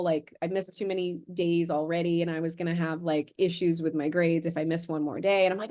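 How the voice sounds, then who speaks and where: A woman of about forty from Florida, speaking as a podcast guest. She tells her stories with lively energy and acts out the conversations she quotes. Her talk is full of "like" fillers and quick asides. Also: fairly low pitch. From Florida, USA. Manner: animated, acts out quoted dialogue, frequent "like" fillers. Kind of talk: casual interview storytelling.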